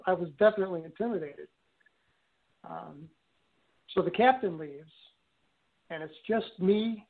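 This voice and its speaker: An older man telling a personal story in an interview, speaking haltingly with frequent restarts and fillers. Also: high-pitched. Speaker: guest recounting an experience. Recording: tinny phone-line audio.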